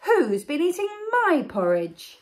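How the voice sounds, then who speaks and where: A woman voicing a mother bear in a storybook, asking in a raised, higher voice. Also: wildly swooping pitch, unhurried, exaggerated voice. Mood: puzzled. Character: medium-sized female mother bear.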